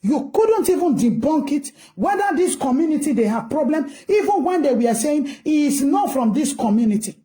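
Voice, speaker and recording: A woman's voice: high-pitched, sing-song, moderate pace, hardly any pauses, warm tone. A Nigerian woman giving ranting commentary, scolding and asking rhetorical questions in a mix of English and Pidgin.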